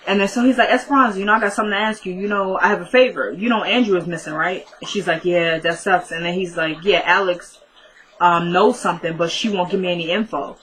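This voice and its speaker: A woman's voice: lowish voice, fast talker, a bit bright, poor audio. A woman casually recapping a TV episode, retelling the dialogue in a chatty way. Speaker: TV recap vlogger.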